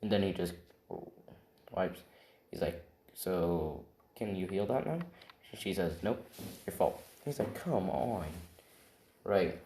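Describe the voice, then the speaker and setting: Deep-voiced man rambling through a story. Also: takes it slowly, pauses often, warm tone. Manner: rambling, full of "right?" and "like". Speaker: storyteller of an anime fan scenario. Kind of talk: improvised casual storytelling. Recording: roomy, noisy home recording with typing.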